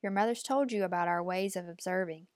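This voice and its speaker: A woman's voice: lowish voice, a little fast, dry recording, clean studio sound, natural voice. A woman reading an audiobook, voicing a stern, cold, commanding old woman who speaks in clipped, imperious lines. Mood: appraising.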